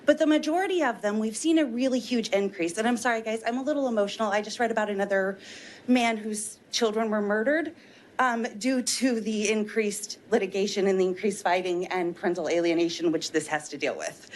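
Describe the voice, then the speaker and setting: A woman's voice: medium pitch, normal speed, a little hiss or hum. A woman giving earnest, persuasive public testimony as a witness at a legislative hearing.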